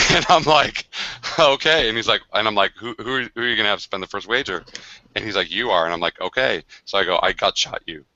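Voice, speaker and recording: On a livestream, a game designer whose deep voice carries a bright, forceful edge tells a long game-session story at a quick pace. It's loose and animated, with lots of fillers and restarts, and the sound is dry and a bit dull like a video call, with no room sound.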